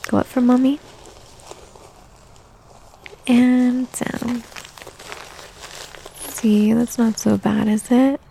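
A young adult woman performing a whispered role-play, talking softly and soothingly like a coaxing caretaker. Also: a little high, fairly even intonation, drawn-out words, vocal fry, long pauses, slight background noise. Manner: soothing, coaxing caretaker talk, mostly soft and close.

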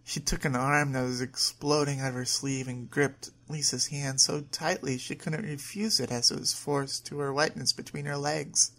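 A woman narrating an adult short story at a steady reading pace. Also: a bass voice, normal speed, hardly any pauses.

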